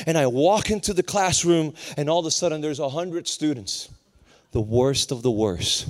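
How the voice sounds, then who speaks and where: High-voiced animated young preacher man. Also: normal speed. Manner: animated, acts out voices of others. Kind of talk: storytelling sermon.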